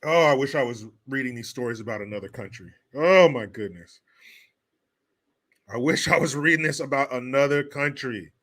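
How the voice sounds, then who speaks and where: A man's voice: mid-range voice, animated, moderate pace, fairly bright tone. A man hosting a casual livestream, joking and swearing as he reads and answers viewer comments. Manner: profane, joking, reads chat aloud. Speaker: host.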